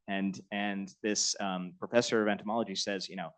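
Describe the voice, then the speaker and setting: A man's voice: on the low side, steady tone, fast, a bit bright, low-quality recording. A middle-aged man on a lecture panel telling a personal anecdote about his mentor, laughing often and growing emotional as he talks.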